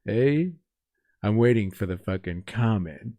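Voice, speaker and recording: Western sydney guy streaming, gravelly low voice, slow and sarcastic, swears a lot. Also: dark tone, no room sound, clean studio sound. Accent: Western Sydney Australian. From Australia. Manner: sarcastic, teasing, swears freely. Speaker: live stream host. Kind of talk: casual reaction stream chat.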